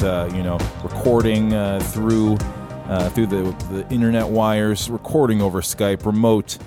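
Low-voiced man rambling on a podcast. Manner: rambling, many fillers and restarts. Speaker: podcast co-host. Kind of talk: casual podcast chat. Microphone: remote call over internet.

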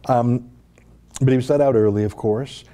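A man's voice: mid-range voice, steady tone, normal speed, warm tone. A man from Canada hosting and giving an opinionated, indignant commentary, with rhetorical questions. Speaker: host and commentator.

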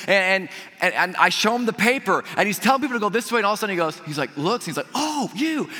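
Male pastor, sermon storyteller, forceful and bright, acts out quoted lines, long hall reverb. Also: high-pitched. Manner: animated storyteller acting out quoted voices.

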